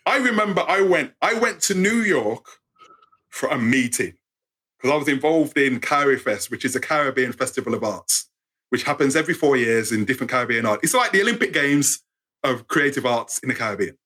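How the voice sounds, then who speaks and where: An English man in his fifties with an English accent, telling stories in an interview in an animated way and acting out the voices he quotes. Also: mid-range voice, brisk, husky. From England. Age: 50s. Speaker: guest storyteller. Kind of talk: interview storytelling.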